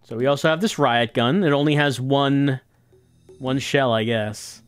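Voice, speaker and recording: A man's voice: mid-range voice, unhurried, clear, resonant tone, faint music behind. A man streaming a video game, thinking aloud and musing hesitantly as he plays. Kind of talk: casual let's-play commentary.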